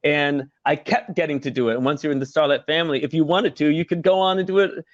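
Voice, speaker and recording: A man's voice: fairly high pitch, steady tone, quick pace, no echo, dull audio. A middle-aged man, a former musical performer, telling stories as an interview guest in a chatty way, laughing often and using many fillers. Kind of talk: casual video-call interview.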